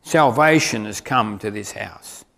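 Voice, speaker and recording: A preacher voicing a grave, solemn Jesus. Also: male voice, lowish voice, slow pace, voice pushed down. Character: solemn divine Jesus, grave male teacher. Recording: reverberant hall.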